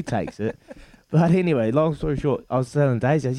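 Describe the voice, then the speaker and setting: This radio guest is a former rugby player in his thirties from New Zealand, talking fast in a mellow, mid-range voice. The casual chat has no room sound, and he comes across relaxed, laughing as he shares stories.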